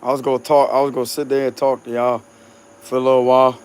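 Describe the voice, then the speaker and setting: A man's voice: medium pitch, little pitch movement, quick pace, a little mellow, clear, resonant tone. Laid-back Cajun man chatting outdoors at night. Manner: laid-back, laughs often, swears freely. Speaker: tarot reader talking to supporters. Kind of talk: casual rambling chat.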